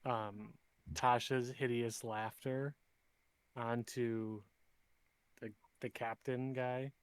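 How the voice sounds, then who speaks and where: A man at a tabletop game, speaking in a slow, unhurried way and often unsure of himself. His voice is smooth and clear, and the recording is dry. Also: mid-range voice, level tone, dry recording, rough recording. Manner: hesitant, unsure. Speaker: player. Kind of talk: casual game chat.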